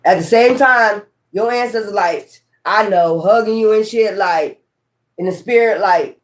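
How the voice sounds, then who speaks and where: A woman's voice: medium pitch, expressive, a little slow. Blunt, profane woman tarot reader. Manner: repetitive, talks straight to viewers. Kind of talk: casual tarot reading chat.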